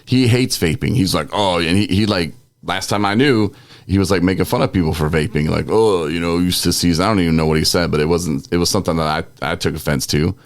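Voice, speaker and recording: A man's voice: deep voice, fast, no room sound. A man co-hosting a podcast, ranting in a worked-up, exasperated way. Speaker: podcast co-host. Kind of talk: casual ranting chat.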